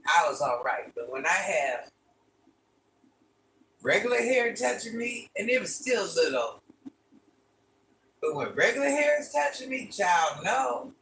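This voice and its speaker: An older woman chats casually with viewers on her live stream, repeating her calls to like and subscribe. Her medium-pitched voice has a somewhat bright tone. She sounds distant in an echoey room, with a faint hiss or hum.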